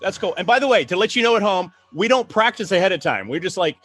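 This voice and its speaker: A middle-aged man hosting a casual chat on writing, telling stories in an animated way with laughs and many restarts. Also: high voice, fast talker, slightly rough. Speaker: podcast host, writing coach.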